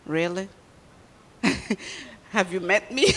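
A woman's voice: mid-range voice, slow, pauses often, big-room sound. A woman giving a children's sermon in church, telling a story and quizzing the kids as she goes.

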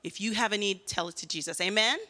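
A woman giving a children's sermon in a lively way, often asking the kids questions. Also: medium pitch, fast, in a large hall. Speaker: children's church teacher.

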